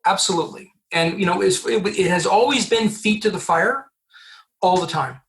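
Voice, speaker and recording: A man from Canada, a recruiter guest on a podcast, telling animated stories with acted-out dialogue and frequent restarts. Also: high-pitched, moderate pace. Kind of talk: storytelling interview answers.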